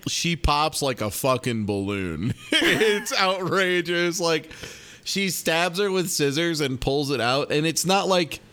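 A man's voice: fairly high pitch, expressive, slow pace, bright, forceful tone. Laughing, crude man co-host. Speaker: podcast co-host. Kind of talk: casual chat.

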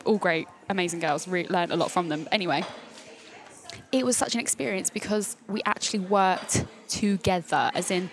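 A young woman, a professional dancer, chatting candidly as a podcast guest, lively and quick to swear. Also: fairly low pitch, rough recording. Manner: candid, animated, swears freely. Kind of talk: casual podcast conversation.

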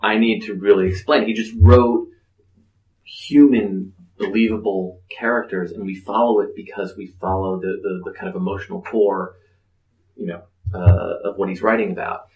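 A male author speaking on a panel, reflective and halting, with frequent fillers and restarts. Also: sits low, flat delivery, a little mellow, roomy sound, low-quality recording. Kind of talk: panel discussion.

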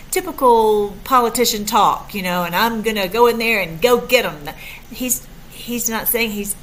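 A woman hosting a political commentary show, talking in an excited, emphatic way with frequent restarts. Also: medium pitch, a little hiss or hum. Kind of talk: casual commentary.

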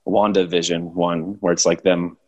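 Young man, low voice, relaxed rambling chat, chuckles often. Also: moderate pace, husky, lo-fi sound. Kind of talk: casual chat.

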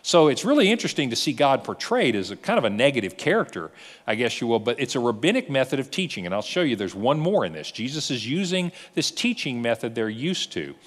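Male pastor, lively sermon delivery, storytelling, rhetorical questions, expressive up-and-down pitch, reverberant church hall. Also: fast.

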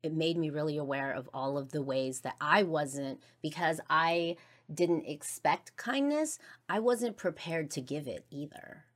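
A woman's voice: deep voice, measured pace. A woman hosting a podcast, telling a personal story in a blunt, casual way, full of swearing and fillers. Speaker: podcast host.

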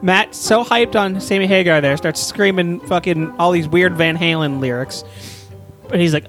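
A man's voice: high voice, normal speed, a bit bright, soft background music. A man improvising a comic story, profane and laughing as he rambles.

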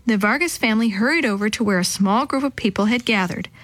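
A woman narrates a children's story in a clear, even storytelling voice. Her pitch sits fairly high. The recording is dry and close, with no room sound. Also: quick pace, no echo.

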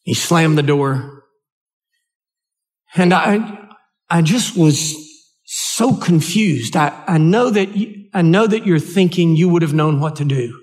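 An older American man preaches from the pulpit, telling a story in a slightly high voice. He speaks earnestly and haltingly, and he often repeats or restarts his words as he goes. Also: lively intonation. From United States. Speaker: pastor. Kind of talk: sermon storytelling.

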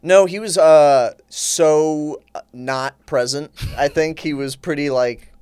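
A man hosting a podcast, throwing in quick jokes and asides in casual chat. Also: fairly high pitch, darkish tone, clear, resonant tone, no room sound. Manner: joking, quick interjections, laughs often.

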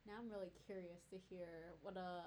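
A woman's voice: lowish voice, flat delivery, a little fast, a little mellow, a little hiss or hum. A woman co-hosting a casual podcast, chatting with short, blunt reactions. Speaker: podcast co-host. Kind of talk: casual chat.

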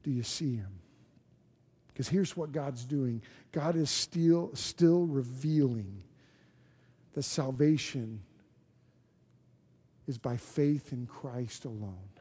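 A man's voice: mid-range voice, slow, long pauses, warm tone, slightly rough. A man preaching a sermon as a pastor, earnest and full of rhetorical questions and restarts. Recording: long hall reverb.

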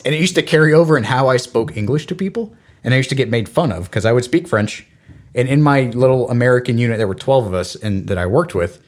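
A middle-aged man in a relaxed podcast conversation, spinning anecdotes at an everyday pitch. He keeps slipping into quick put-on voices for the people in his stories, and he talks with loose, unhurried energy. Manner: animated storyteller, acts out quoted voices. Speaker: podcast co-host. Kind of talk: casual chat.

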